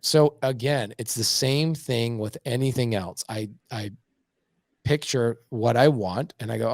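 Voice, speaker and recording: A man chatting as a podcast guest, blunt and animated, his voice jumping into loud bursts as he tells stories. His pitch sits in the middle range, and the sound is dry and close, with no room around it. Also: a little slow, dry recording. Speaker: podcast guest, real estate investor. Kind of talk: casual interview chat.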